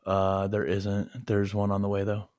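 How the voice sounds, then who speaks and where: A man co-hosting a podcast, speaking in a measured, deliberate, dry way in casual banter. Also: lowish voice, monotone, a little mellow, dry recording. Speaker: podcast co-host.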